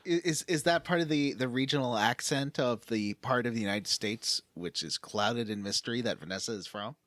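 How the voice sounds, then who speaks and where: A man's voice: mid-range voice, normal speed, fairly bright tone, dry recording. A man co-hosting a casual podcast, joking and rambling about a game scene. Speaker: podcast co-host.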